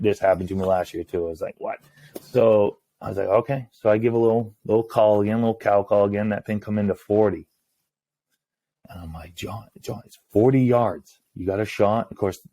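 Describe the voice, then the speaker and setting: A man, a hunting guide, telling a story in casual talk, acting out the lines of others in a hushed voice. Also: on the low side, a little fast. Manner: animated, acts out quoted lines in a hushed voice.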